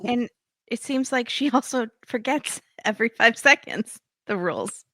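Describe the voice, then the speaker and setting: A woman's voice: a little high, expressive, sharp tone, no room sound. Agreeable woman podcast guest. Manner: laughing, agreeable, quick asides. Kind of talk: casual chat.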